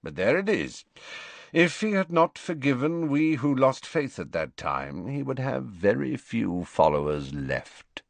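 A man voicing a composed wizard spy who speaks in a calm, bored, measured manner. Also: mid-range voice, vocal fry, no echo, pitched above the performer's own voice. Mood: cold calm.

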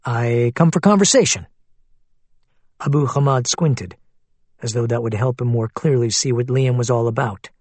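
A man reading a novel aloud in measured, descriptive scripted narration. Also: mid-range voice, fairly even intonation, a little mellow, no room sound. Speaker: audiobook narrator.

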